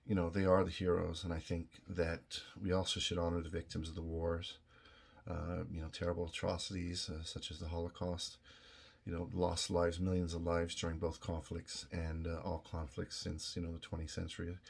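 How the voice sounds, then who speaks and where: A middle-aged man from Canada speaks to his viewers in a low, deep voice. He talks slowly and earnestly, full of pauses, fillers and restarts, and he sounds moved. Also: monotone, creaky, husky. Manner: halting, many fillers and restarts, emotional. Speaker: video host. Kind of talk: casual direct-to-camera talk.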